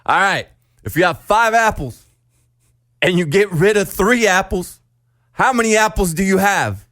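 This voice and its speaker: A man voicing an exasperated dad drilling his little son on subtraction, loud and over-patient. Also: high-pitched, animated, unhurried, pitched above the performer's own voice.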